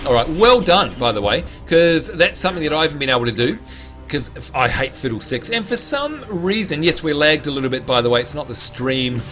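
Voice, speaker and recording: An Australian man hosts a livestream, giving upbeat play-by-play commentary on a match he's playing and chatting to viewers. His voice is a little high, sharp, and a little fast with lively intonation; he's slightly hoarse and clears his throat, with soft music in the background.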